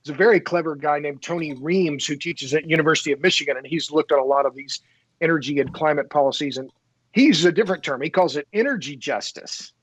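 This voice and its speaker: A man's voice: a little high, quick pace, slightly rough, no room sound, muffled recording. A man speaking as a guest in a casual interview, talkative and restarting his words as he works into each point. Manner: talkative, repeats words when starting a thought. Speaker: podcast guest, energy writer.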